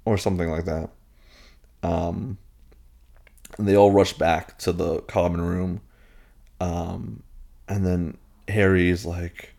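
A man's voice: low voice, flat delivery, measured pace, pauses often, mellow. A man giving a casual, rambling film recap with a playful, irreverent tone and lots of filler words.

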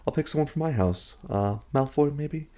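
A man's voice: on the high side, animated, warm tone, voice pushed up, natural voice. A man briefly quoting a stern, disdainful male wizard teacher in an offhand retelling. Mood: dismissive. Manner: quick offhand retelling of lines.

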